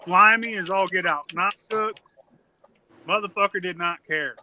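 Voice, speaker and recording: A man tells crude stories on a podcast, cursing freely and acting out the other people in them. His voice sits high and rings very bright. A faint hiss runs under it. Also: measured pace. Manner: profane, animated storyteller acting out quotes. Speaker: podcast co-host. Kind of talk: casual storytelling.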